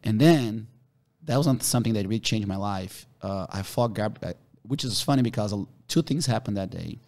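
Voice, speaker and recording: A man, a podcast guest, telling animated stories with free swearing. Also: fairly low pitch, normal speed, vocal fry. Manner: animated, swears freely, relives the moment. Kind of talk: casual storytelling.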